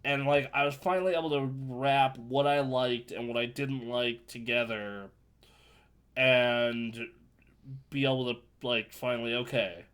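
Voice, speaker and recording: A man's voice: mid-range voice, steady tone, unhurried, a bit bright, clean tone. A man co-hosting a casual gaming podcast, rambling and restarting his sentences with dry asides. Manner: rambling, self-interrupting, dry. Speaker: podcast co-host.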